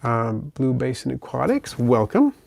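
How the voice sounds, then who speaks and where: A man hosting a pet channel livestream, casually reading viewer comments in a relaxed, chatty way and softly cooing to his pet bird. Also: mid-range voice, unhurried, creaky, no room sound, studio quality.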